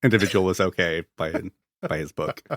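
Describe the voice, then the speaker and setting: A man's voice: low voice, fairly quick, a bit bright, dry recording, studio quality. A man co-hosting a podcast interview, enthusiastic and appreciative toward his guests. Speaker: podcast co-host.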